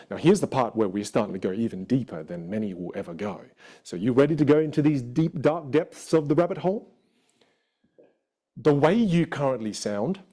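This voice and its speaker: Animated Australian man teaching voice. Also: mid-range voice. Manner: animated, playful, emphatic. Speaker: voice and communication coach. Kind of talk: energetic stage teaching.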